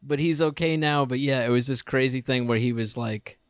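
A man's voice: mid-range voice, moderate pace, clear, resonant tone, dry recording. A man in his thirties, co-hosting a podcast, telling a story in casual chat and acting out a child's lines. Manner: animated storyteller, acts out a child's voice in quotes. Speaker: podcast co-host.

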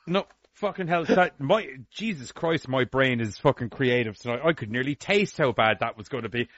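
A man's voice: medium pitch, animated, moderate pace, a bit bright. A man co-hosting a podcast in casual chat, swearing and riffing animatedly. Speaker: podcast co-host. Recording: lo-fi dry recording.

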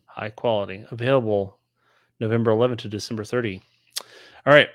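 A man's voice: lowish voice, steady tone, a little fast, a bit bright, dry recording. A man bantering playfully on a casual co-hosted show. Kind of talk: casual chat.

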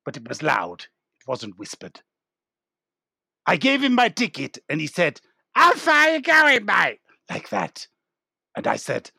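A man's voice: medium pitch, huge pitch swings, a little slow, gravelly, pauses often, fairly bright tone, slightly rough, no room sound, studio quality, heavily acted. A man playing a pompous, rambling author being interviewed in an improvised comedy. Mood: storytelling. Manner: rambling, self-satisfied improv guest. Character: pompous male author of a train murder novel.

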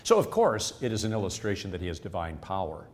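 Male devotional podcast host, lower register, earnest explanatory teaching tone. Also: big pitch swings, fast talker. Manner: earnest, explanatory, repeats key phrases. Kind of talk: scripture teaching.

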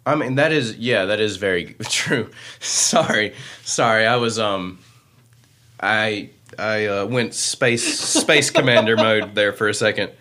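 A man's voice: fairly low pitch, a little slow, sharp tone. A young man co-hosting a casual podcast chat, jokey and prone to trailing off mid-thought. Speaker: podcast co-host.

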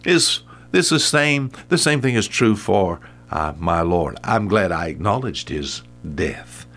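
A man's voice: on the low side, very animated, slow pace, fairly bright tone. An older man hosting a short radio Bible devotional, preaching in an earnest, folksy way and often calling the listener his friend. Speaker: radio preacher and program host.

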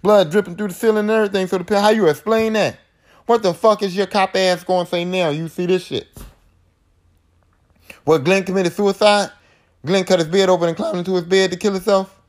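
A man's voice: high-pitched, fairly even intonation, a little fast. A man hosting a podcast, recapping a horror film in a casual, profane monologue and acting out the characters' lines. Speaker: podcast host.

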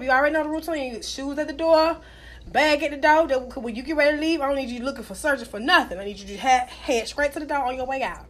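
A young woman in casual chat, telling stories loudly and brashly with plenty of cussing. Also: high-pitched, fast talker, a little hiss or hum. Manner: loud, brash storytelling, cussing freely.

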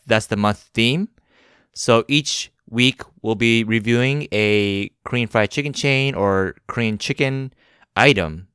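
A young man from the United States hosts a casual podcast, trading jokes with his co-hosts and laughing easily. His pitch swings widely as he talks, and his voice comes across smooth and resonant in a dry, close setting. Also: no echo. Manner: playful, laughs often, animated delivery. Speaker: podcast host.

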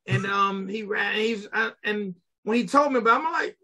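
Middle aged guy hosting a podcast, high voice, acts out what people said, swears a lot. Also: moderate pace, few pauses. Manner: animated storyteller, acts out quotes, swears. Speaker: podcast host. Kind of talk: casual chat.

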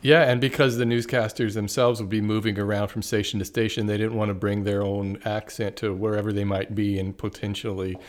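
Canadian male podcast host, lowish voice, laid-back, friendly. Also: little pitch movement, a little fast, few pauses. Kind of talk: casual interview chat.

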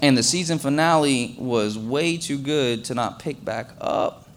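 A man's voice: medium pitch, a little slow. A young man preaching a casual, conversational sermon as a pastor, full of fillers and acted-out quotes.

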